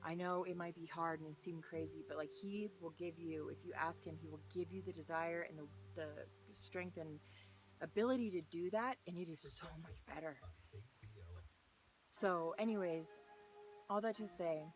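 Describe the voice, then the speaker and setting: A young woman talking earnestly outdoors on a hilltop in the rain, sharing a devotional message in a rambling, filler-heavy way and often dropping into excited whispers. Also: lowish voice, normal speed, faint music behind, low-quality recording. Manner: breaks into excited whispers and laughter. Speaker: faith vlogger. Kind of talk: casual devotional talk.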